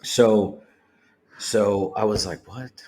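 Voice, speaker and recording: Low-voiced guy on a podcast telling his recovery story, blunt, swears a lot. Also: moderate pace, fairly bright tone, a little hiss or hum. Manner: candid, swears freely, retells talk in quotes. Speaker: podcast guest. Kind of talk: personal recovery testimony.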